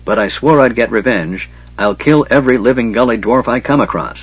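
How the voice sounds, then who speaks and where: A man's voice: medium pitch, brisk, no room sound, natural voice. A man voicing a stubborn, grumpy old male dwarf warrior who grumbles and bursts out angrily. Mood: bitter. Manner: gruff, grumbling, explosive. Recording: dull lo-fi recording.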